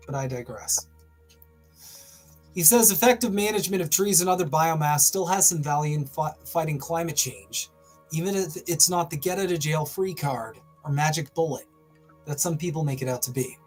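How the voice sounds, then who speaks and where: A man's voice: fairly high pitch, moderate pace, faint music behind. A man hosting a livestream, reading an article aloud and breaking off into wry, sarcastic asides. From Canada. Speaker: host.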